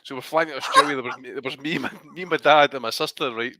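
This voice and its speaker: A man's voice: mid-range voice, quick pace, pushed and bright, slight background noise. A man with a Scottish accent telling stories and giving opinions in casual, profane podcast chat, laughing as he talks. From Scotland. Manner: swearing, laughing storyteller. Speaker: podcast co-host.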